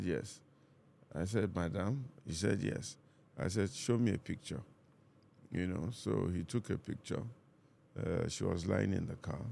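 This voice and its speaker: Deep gravelly Nigerian pastor. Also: male voice, a little hiss or hum. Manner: calm, measured, reenacts dialogue. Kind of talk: reflective storytelling in conversation.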